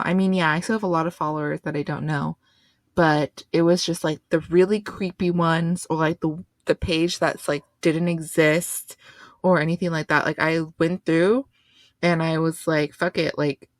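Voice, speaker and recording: A young woman with a notably low voice talks casually with plenty of "like" and flashes of outrage. Her voice sits close and dry on the mic. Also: dry recording. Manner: casual, filler-heavy, with bursts of indignation. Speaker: podcast co-host. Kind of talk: casual chat.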